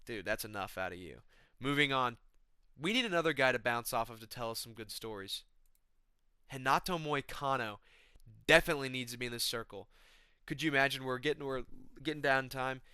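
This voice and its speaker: A man's voice: mid-range voice, a little fast, long pauses, sharp tone, clear, resonant tone, no echo, studio quality. A young man rambling in a laid-back, slangy comedic monologue as a vlogger.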